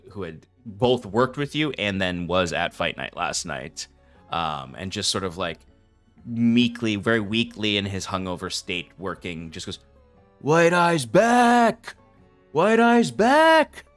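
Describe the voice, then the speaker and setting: Low-voiced man running a tabletop game. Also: lively intonation, a little slow, a bit bright, faint music behind. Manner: rambling, hesitant, laughs often. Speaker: game master.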